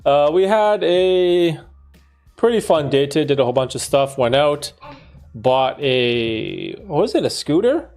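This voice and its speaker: A man hosting a casual livestream, laid-back and playful with slangy banter, gentle when he talks to young children. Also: fairly high pitch, expressive, measured pace, faint music behind. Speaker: livestream host.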